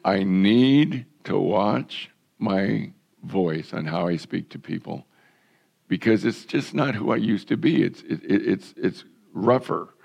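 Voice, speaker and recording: Hoarse, gravelly older male pastor. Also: sits low, expressive, darkish tone. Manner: earnest, measured preaching with repeated words. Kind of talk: sermon.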